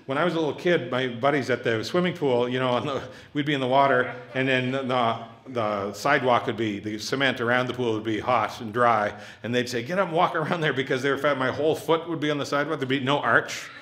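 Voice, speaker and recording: A man's voice: mid-range voice, fast talker, hardly any pauses, a bit bright. A man in his fifties doing a live stand-up Q&A, joking and self-mocking with the crowd. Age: 50s. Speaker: stand-up comedian hosting audience Q&A. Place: live theatre stage.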